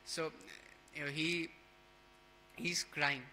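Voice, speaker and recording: Bright-voiced man telling a scripture story. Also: fairly high pitch, little pitch movement, takes it slowly, a little hiss or hum, poor audio. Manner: storytelling with many restarts and fillers. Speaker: speaker at a temple class.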